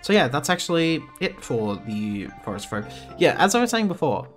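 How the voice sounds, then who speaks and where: A man's voice: on the high side, very animated, normal speed. Rambling young man narrating a game. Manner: rambling, easily sidetracked, many fillers and restarts. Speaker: gaming channel host. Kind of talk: casual let's-play commentary. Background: game music.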